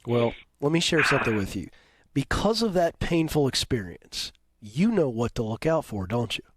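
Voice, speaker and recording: A man giving career advice to a caller on a radio show, calm and coaching as he asks probing questions. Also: medium pitch, normal speed, dry recording. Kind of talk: call-in advice.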